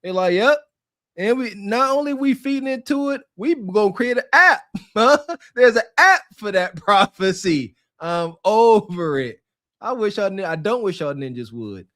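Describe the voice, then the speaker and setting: Male podcast co-host, higher register, emphatic lecturing delivery, dry mic. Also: animated, normal speed, a bit bright, no echo. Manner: preachy, laughing, emphatic. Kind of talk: casual podcast commentary.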